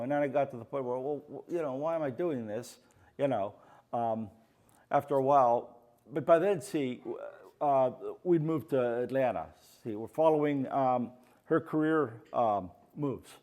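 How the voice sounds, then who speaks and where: Speaking before an audience in an art gallery, this older Pittsburgh-area artist spins loose, anecdotal stories full of "you know" fillers. His voice sits at medium pitch and sounds a little mellow, and he performs the voices of the people he quotes.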